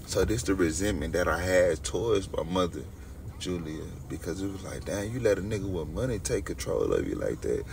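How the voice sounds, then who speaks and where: Here a young man with a deep, gravelly, creaky voice chats straight to his audience on a late-night stream, rambling loosely through stories. He sounds expressive, brisk and a bit mellow. The phone recording him is placed some way off, leaving him far from the mic over a faint hum.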